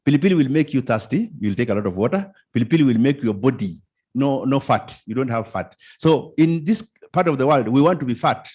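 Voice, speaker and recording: A man's voice: medium pitch, brisk, husky. A middle-aged Kenyan man giving an informal conference talk, quizzing the audience and repeating his points. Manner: animated, asks the audience questions, repeats phrases. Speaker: conference speaker.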